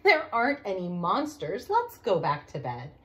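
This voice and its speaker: A woman voicing a calm mother bear in a storybook, gentle and soothing. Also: mid-range voice, moderate pace, pitched below the performer's own voice.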